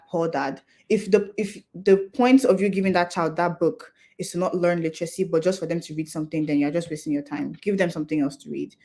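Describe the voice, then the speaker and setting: A young woman addresses a conference audience in a slightly low voice. She explains her points patiently and earnestly, like a practical adviser. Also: a little mellow. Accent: non-Nigerian English accent. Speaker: conference speaker. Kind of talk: talk to an audience.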